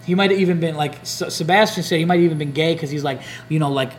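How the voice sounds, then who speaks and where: A man's voice: on the high side, fast, a little hiss or hum. A man hosting a podcast, telling a long profane story in casual chat and acting out other people's lines. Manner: rambling, profane, acts out hecklers' lines. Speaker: comedian podcast host.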